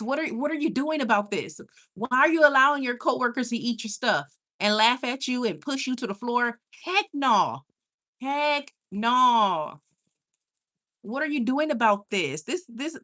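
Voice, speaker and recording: A young woman with a high-pitched voice hosts a casual live stream, reading viewer comments out loud. She reacts in an animated, emphatic way, laughs readily and often repeats herself.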